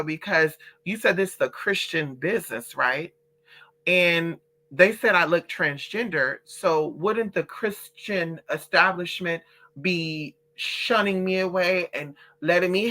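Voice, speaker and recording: A woman recounts a story in a casual storytime vlog, animated and heavy on profanity. Her voice is bright and forceful. She keeps slipping into quoted voices of other people as she tells it. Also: fairly low pitch. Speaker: vlogger.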